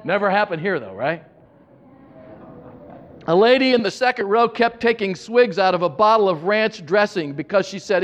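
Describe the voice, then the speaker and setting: A male pastor delivers a sermon in a church, moving from wry, joking storytelling to slow, earnest reflection. His voice sits high for a man. A long hall reverb trails every phrase. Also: animated, highs cut off. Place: church sanctuary.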